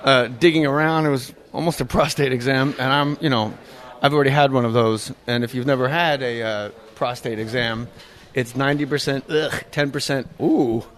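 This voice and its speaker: A middle-aged man hosting a casual sports podcast, joking and rambling excitably. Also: medium pitch, moderate pace, hardly any pauses. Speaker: podcast host. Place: arena after a game.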